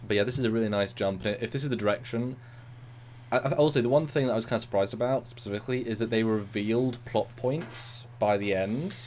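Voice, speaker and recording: A man co-hosting a casual review chat, talking in animated bursts and repeating words. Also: lowish voice, fast talker, a little hiss or hum. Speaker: co-host of a review show.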